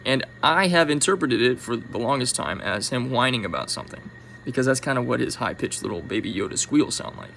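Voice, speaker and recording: Man, vlogger, animated musing delivery, bright tone, faint hiss behind. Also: medium pitch, a little fast, vocal fry, low-quality recording. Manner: animated, musing, with sudden soft drops. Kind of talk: musing monologue to camera.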